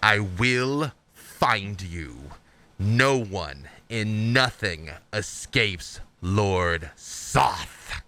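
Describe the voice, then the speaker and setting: A man doing Lord Soth, slow menacing undead knight. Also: fairly low pitch, animated, sharp tone, exaggerated voice. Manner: slow, measured, archaic speech.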